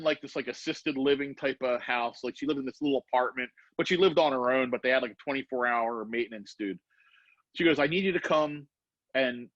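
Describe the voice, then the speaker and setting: A man's voice: medium pitch, no room sound. A middle-aged man hosting a podcast, telling a story with lots of energy and acting out the dialogue. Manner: animated storyteller, acts out both sides of a dialogue. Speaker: podcast host. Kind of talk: casual storytelling. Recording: dry, slightly dull podcast recording.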